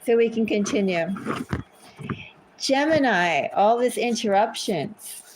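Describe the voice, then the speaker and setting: A woman reading tarot at home in an unhurried, rambling way, breaking off to chat. Her pace is slow and easy, with a faint hiss of noise behind her. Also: mid-range voice, poor audio. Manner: chatty, easily sidetracked, talks to her cats. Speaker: tarot reader. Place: home with cats.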